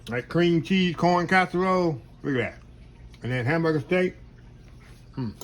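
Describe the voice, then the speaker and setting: A man hosting a casual home cooking vlog, talking warmly to his viewers and calling them "y'all". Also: a little high, animated, moderate pace, a little hiss or hum. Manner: chatty, often addresses viewers as "y'all". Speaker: cooking channel host. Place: home kitchen. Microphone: camera on tripod.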